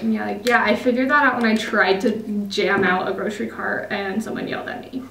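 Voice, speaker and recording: A woman's voice: medium pitch, steady tone, a little fast, vocal fry, a bit bright, roomy sound, distant mic, poor audio. A young woman from Utah with an American accent, chatting casually to camera in a vlog, laughing often and using lots of fillers. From Utah, United States. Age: young adult. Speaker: vlogger.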